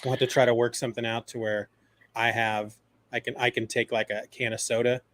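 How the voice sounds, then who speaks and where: A man's voice: medium pitch, level tone, fairly quick, a bit bright. A man co-hosting a podcast from home, chatting loosely and jokingly with lots of restarts. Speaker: podcast co-host. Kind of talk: casual behind-the-scenes chat.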